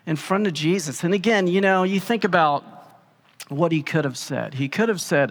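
A man preaching in a relaxed, conversational way, telling stories and acting out quotes. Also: high voice, moderate pace, big-room sound. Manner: casual and animated, acting out quotes in plain speech. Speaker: pastor. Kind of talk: conversational sermon with storytelling.

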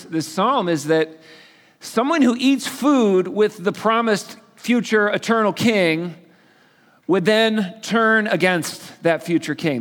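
Brief male pastor, fairly high voice, casual storyteller, sermon in a big echoing hall. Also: fairly bright tone. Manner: casual storytelling with playful asides. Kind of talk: sermon, conversational Bible teaching.

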